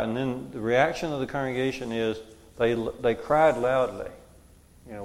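A man's voice: mid-range voice, fairly even intonation, normal speed. A man leading a group Bible study, who asks questions and repeats the answers back to the room.

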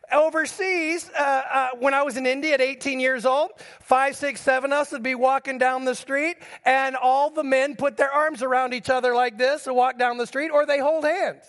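A man's voice: very high voice, fairly bright tone. A middle-aged man preaching a sermon as pastor, telling personal stories and speaking straight to the congregation. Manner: storytelling preacher addressing the congregation directly. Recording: long hall reverb.

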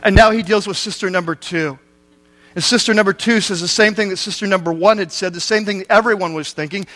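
A man's voice: high voice, brisk, pushed and bright. A man preaching a sermon, retelling a scripture story in everyday speech with rhetorical questions to the listeners.

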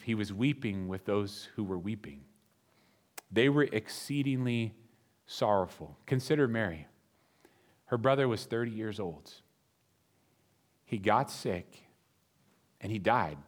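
A male pastor preaching a sermon, reading scripture aloud and pressing his points earnestly, rising for emphasis and slowing on key phrases. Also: on the low side.

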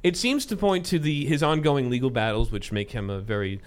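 A man's voice: medium pitch, a little fast. A young man hosting a comedic podcast chat, sarcastic, sometimes slipping into a mock-newscaster delivery. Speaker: podcast host.

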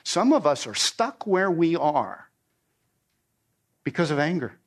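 A man with a slightly raised speaking voice delivers a sermon verse by verse. He retells the story in plain modern slang and keeps pulling the listeners in with questions he answers himself. He sometimes sinks to a hushed, low voice to drive a point home. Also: sing-song, takes it slowly. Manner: expository, paraphrasing scripture in everyday slang; asks the congregation questions and answers them. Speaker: preacher.

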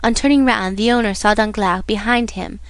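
A woman reading a classic novel aloud as audiobook narrator, in measured scripted narration. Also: medium pitch, smooth, no room sound.

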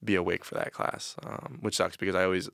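A man's voice: sits low, level tone, fast talker, vocal fry, a bit bright, no echo, studio quality. A college-age man chatting casually with a friend, rambling with lots of fillers and restarts. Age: 20s. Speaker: college student. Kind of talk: casual chat.

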